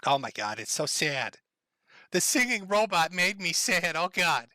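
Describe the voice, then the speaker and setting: Bright, high-voiced Minnesota man. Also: sing-song, a little slow, no echo. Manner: rambling, profane, chuckling. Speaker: livestream host. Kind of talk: casual livestream chat.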